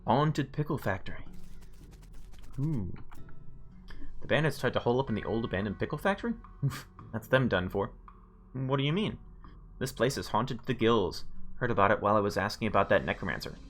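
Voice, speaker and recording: A man's voice: fairly low pitch, lively intonation, brisk, long pauses, faint music behind. A man streaming a game, reading its text aloud and adding wry, musing asides.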